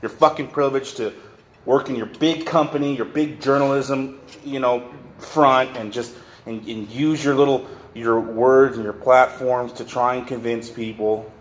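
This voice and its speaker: A man's voice: mid-range voice, steady tone, a little slow, reverberant. Rambling, cussing man in a noisy workshop. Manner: rambling, profane, repeats and restarts. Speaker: vlogger. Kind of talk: rant to camera.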